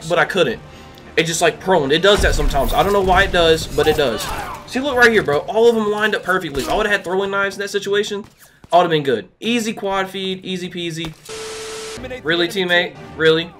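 A man giving excitable, trash-talking commentary over his own gameplay, a little sick. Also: high voice, moderate pace, long pauses. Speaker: gaming YouTuber. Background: faint background music.

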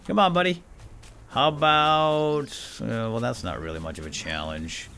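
A man hosting a gameplay video, muttering quietly to himself and then shouting with excitement. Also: mid-range voice, moderate pace, creaky, faint music behind. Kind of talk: excited let's-play commentary.

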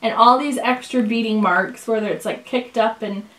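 A woman's voice: fairly high pitch, moderate pace. Chatty woman with a raised voice for a casual review vlog, quoting people as she tells a story. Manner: chatty, animated storytelling with quoted dialogue. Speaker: leather bag reviewer.

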